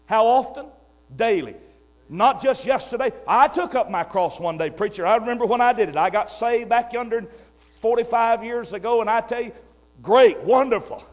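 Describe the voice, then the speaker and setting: Older man, high-pitched, preaching, emphatic, drops to near-whispers. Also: moderate pace. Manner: emphatic, swings between loud and hushed. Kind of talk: sermon.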